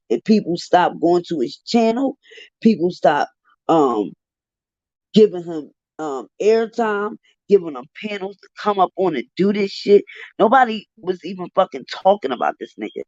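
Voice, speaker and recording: Man, high voice, heated livestream commentary, profane rant, dull dry lo-fi audio. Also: darkish tone, no room sound. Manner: profane, exasperated ranting.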